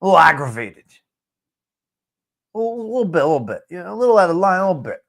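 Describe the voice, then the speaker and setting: A man's voice: sits high, very animated, fast talker, fairly bright tone. A man hosting a live stream, answering viewer comments in a blunt, profane, repetitive rant. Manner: blunt and fired up. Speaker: live-stream show host.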